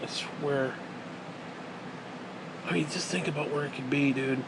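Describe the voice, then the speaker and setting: A man's voice: on the high side, steady tone, fast talker, very noisy. A man in his forties ranting in a rambling, sarcastic, profane monologue as a vlogger.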